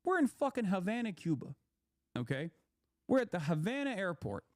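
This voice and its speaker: Young male commentator, slightly high voice, profane rambling rant, dry close sound. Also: very animated, normal speed, no echo. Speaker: political commentator.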